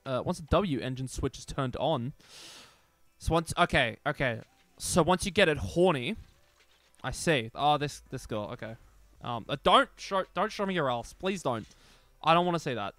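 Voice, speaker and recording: A young man streaming a video game, commenting with profane jokes and sudden yelling bursts. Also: on the high side, expressive, moderate pace, no room sound. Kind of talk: gameplay commentary. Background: faint game music.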